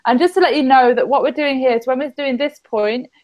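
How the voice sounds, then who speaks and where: A woman, an EFT practitioner on a podcast, guiding listeners gently and patiently through a tapping exercise. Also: high-pitched, brisk. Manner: gentle, instructive, inviting.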